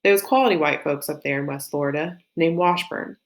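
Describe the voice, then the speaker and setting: A woman's voice: sits low, brisk, natural voice. A woman with a light Southern US accent, reading aloud as a young woman from a novel who tells her own life story in a plain, folksy way. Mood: reminiscing.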